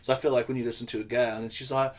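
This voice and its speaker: A man's voice: mid-range voice, level tone, very fast. A young man co-hosting a podcast, chatting casually in a rambling, jokey, profane way and laughing often. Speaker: podcast co-host. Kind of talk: casual chat.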